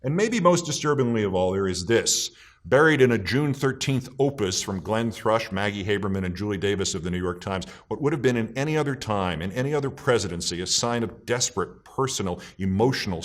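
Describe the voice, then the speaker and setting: A man delivering scripted political commentary, emphatic and scornful, slowing down to stress key words. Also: fairly low pitch.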